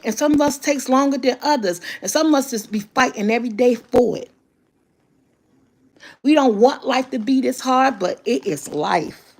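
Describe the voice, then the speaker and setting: A woman in her fifties talks straight to her viewers in a casual motivational vlog. Her voice sits a bit high, and she is candid and emphatic, swearing freely as she makes her points. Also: creaky. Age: 50s. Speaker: vlogger.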